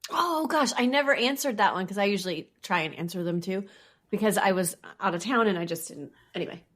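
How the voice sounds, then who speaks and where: A young adult woman co-hosts a podcast in easy casual chat. She rambles with many fillers and giggles along the way. Her voice has a middling pitch. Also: lively intonation, brisk, fairly bright tone. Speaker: podcast co-host.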